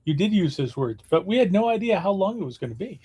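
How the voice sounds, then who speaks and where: A man's voice: high-pitched, sing-song, fast, dark tone, slightly rough. A man co-hosting a casual livestream, speaking hesitantly with repeated words and dry jokes. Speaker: stream co-host. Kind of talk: casual chat on a co-working livestream.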